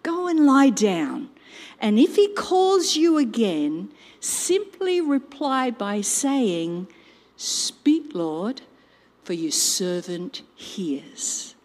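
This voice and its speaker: Sleepy old priest, slow and tired as a woman voices him, echoey. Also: on the high side, very animated, darkish tone, exaggerated voice. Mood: weary. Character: old high priest Eli, groggy and weary. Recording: long reverb.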